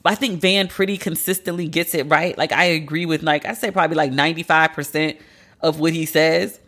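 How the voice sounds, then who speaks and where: A woman hosting a podcast, talking casually and bluntly with profanity, her pitch leaping up for emphasis. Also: fairly even intonation, brisk, a bit bright. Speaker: podcast host.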